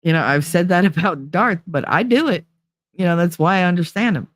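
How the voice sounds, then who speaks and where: With a lowish voice and a slightly fast delivery, this livestream host talks frankly about her emotions and curses a lot in a relaxed stream. The recording is dry, with clean studio sound.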